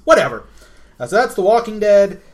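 A man with a fairly high voice for his sex who co-hosts a podcast. He works through news items in relaxed chat, and his pitch moves a lot as he goes. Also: quick pace. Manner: runs the news rundown, with laughs and fillers. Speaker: podcast co-host. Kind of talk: casual chat.

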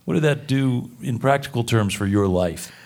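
A man's voice: medium pitch, expressive, moderate pace, gravelly, a little mellow. A man hosting a radio music show, interviewing a guest, chuckling along and affirming his stories.

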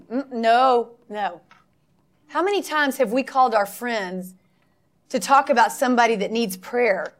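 Woman preaching a lively, emphatic sermon. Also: on the high side, unhurried, some chatter behind. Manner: storytelling with acted-out dialogue, emphatic repetition.

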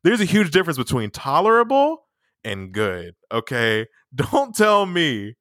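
A young man trading jokes on a casual podcast, his voice bright and his pitch swooping widely. He laughs often and keeps an easy, playful flow. The sound is close and dry. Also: a little slow, dry recording. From raised in the countryside. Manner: animated, joking, laughs often. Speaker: podcast co-host.

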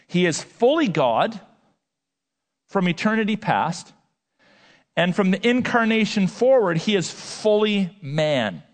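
A man preaching a sermon as a pastor, talking in a lively, conversational way and asking the audience questions. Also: a little high. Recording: long hall reverb.

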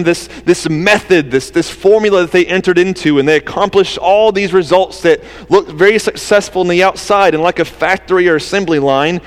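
Earnest Southern pastor preaching in a reverberant hall. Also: male voice, high-pitched. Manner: earnest, conversational preaching with asides and self-correcting rephrasing. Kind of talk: sermon.

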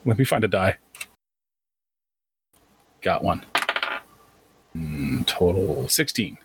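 A man's voice: sits low, big pitch swings, slow pace, gravelly, background noise. A man taking part as a player in a tabletop game, speaking hesitantly with many fillers. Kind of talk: casual chat in a tabletop game.

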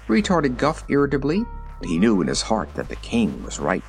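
A man reading a children's fantasy book aloud as scripted narration, with an expressive delivery. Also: medium pitch, moderate pace, faint music behind, rough recording. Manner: expressive reading with character voices. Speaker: audiobook reader.

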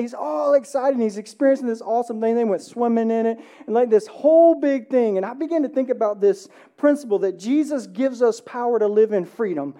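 A man in his thirties preaches an Easter sermon with a mellow, relaxed tone. He talks like he is telling a story to friends, tossing in "right?" to keep the church with him. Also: very high-pitched, fairly quick, hardly any pauses. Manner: conversational storytelling, frequent "right?" tags. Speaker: pastor. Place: church sanctuary.

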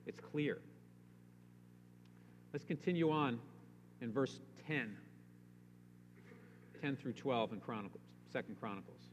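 A man's voice: medium pitch, slow, long pauses. A man preaching a sermon as pastor, emphatic, with his voice rising on pleading rhetorical questions. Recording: long reverb, faint hum.

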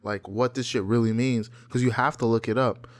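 A man's voice: mid-range voice, fairly even intonation, a little fast. A young man in casual podcast chat, ranting heatedly and swearing a lot. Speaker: podcast co-host.

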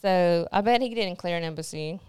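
A woman co-hosting a casual chat, rambling through stories with fillers and easy laughter. Her voice is very smooth and resonant, and the recording is dry and close. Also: on the low side, a little fast, darkish tone, dry recording. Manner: chatty storyteller, frequent fillers and laughter. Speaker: podcast co-host.

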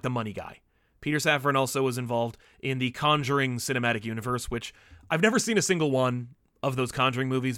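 A man's voice: medium pitch, pushed and bright, clear, resonant tone, dry recording, clean studio sound. A man hosting a podcast about comics, talking in a chatty, opinionated, easygoing way. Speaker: podcast host. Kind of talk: casual commentary.

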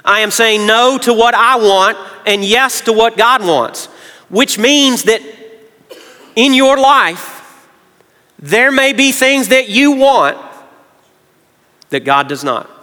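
High, bright-voiced preacher in a big hall. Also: male voice, expressive, slow pace, long pauses. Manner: earnest, drops to quiet tones when emotional. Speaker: pastor. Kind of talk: sermon. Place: large church hall. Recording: reverberant church hall.

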